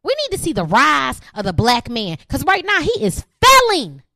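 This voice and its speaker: A woman's voice: high-pitched, wildly swooping pitch, normal speed, creaky, sharp tone, no room sound. Woman podcast host, 30s, emphatic repetitive rant, dry close sound.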